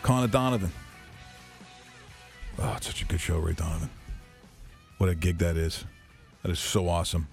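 A man's voice: low voice, normal speed, pauses often, faint music behind. A male radio host who interviews a guest in an eager, rambling way, with many restarts. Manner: enthusiastic, rambling, lots of restarts.

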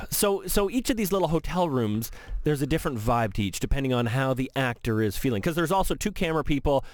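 A man hosting a casual chat, quick and chatty, cheering on his guest. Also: mid-range voice, animated, no room sound.

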